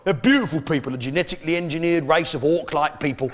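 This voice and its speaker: A man's voice: on the high side, quick pace, a little hiss or hum. A man doing live stand-up comedy, blustering and working the crowd with rhetorical questions. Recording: live theatre show with audience. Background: crowd laughter.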